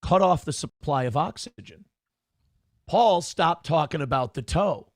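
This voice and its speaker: A man's voice: fairly high pitch, lively intonation, measured pace, no room sound, clean studio sound. A man talking in a boastful monologue, taunting and repeating the same phrases over and over.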